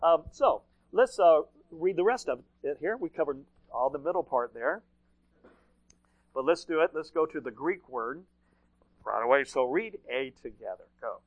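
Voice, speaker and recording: A man's voice: fairly high pitch, expressive, moderate pace, muffled recording. A man preaching a sermon in a conversational way, often repeating phrases and checking in with "right?".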